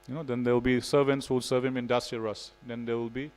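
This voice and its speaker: A man's voice: mid-range voice, little pitch movement, quick pace, a little mellow, low-quality recording. A man giving a devotional scripture class in a temple, telling stories in a casual way with frequent "you know". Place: temple hall.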